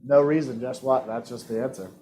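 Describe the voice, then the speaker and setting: A man with a mid-range, steady, warm voice hosts a live-streamed trivia game, recorded roughly. He keeps it casual and upbeat, making jokes on the side and laughing quickly.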